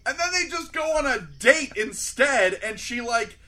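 A man with a high, bright voice rants sarcastically in a casual movie chat. He acts out scenes as he goes and often jumps to shouts. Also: expressive, measured pace. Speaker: podcast co-host.

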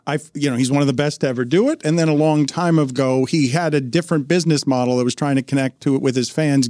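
A man's voice: fairly high pitch, a little mellow, no echo, studio quality. Rambling male talk-radio host. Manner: rambling, searching for words mid-thought. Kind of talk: casual sports-talk banter.

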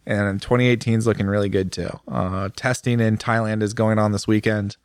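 Animated man chatting about motorcycles. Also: fairly quick, smooth, no room sound, clean studio sound. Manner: animated, pitch jumps for emphasis. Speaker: podcast co-host. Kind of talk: casual chat about motorcycles.

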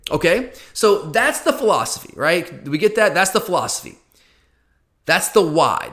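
Male podcast host, somewhat high voice, earnest solo explainer who circles back and repeats points. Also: fairly bright tone. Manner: earnest, repeats himself, talks directly to listeners.

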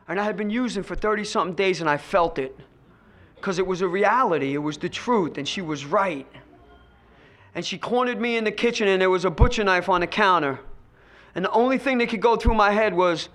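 A man giving personal testimony at a recovery meeting. He tells his story with lively acted-out dialogue and drops to a hush at times. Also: high voice, a little fast. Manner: storytelling, acts out quoted voices, swings between loud and hushed.

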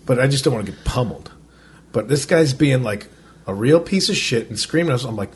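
A man's voice: medium pitch, expressive, fairly quick, breathy edge. A man co-hosting a podcast, telling a casual story with lots of "like", swearing freely and acting out other people's lines. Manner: loose and profane, lots of "like". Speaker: podcast co-host. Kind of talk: casual chat.

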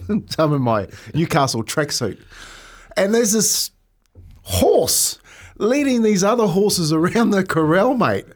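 Animated Australian man telling a yarn. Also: high-pitched, slow. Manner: laughs through his stories, animated. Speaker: podcast co-host, former footballer. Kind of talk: casual storytelling chat.

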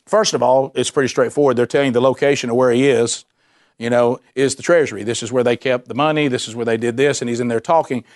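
A man preaching a sermon, animated and emphatic, repeating himself and dropping suddenly to a quiet voice. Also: mid-range voice, fast. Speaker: pastor.

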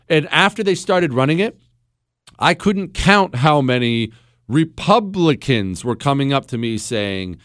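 A man's voice: medium pitch, big pitch swings, moderate pace, a bit bright, no echo. A man hosting a talk radio show, speaking bluntly and sarcastically in a studio. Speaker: radio host. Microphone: studio microphone.

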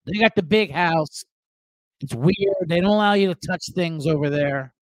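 Male host, high and lively voice, profane comic rant, dry studio mic. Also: moderate pace, dry recording, low-quality recording. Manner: profane, animated, mimics family members. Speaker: sports betting show host. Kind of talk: comedic live-stream rant.

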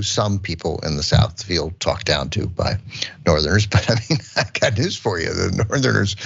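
Podcast cohost guy with a lowish voice, keeps restarting sentences, chuckles, sound a bit dull. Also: creaky, fairly bright tone, breathy edge. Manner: halting, many restarts, chuckling asides. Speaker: podcast co-host. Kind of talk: casual chat.

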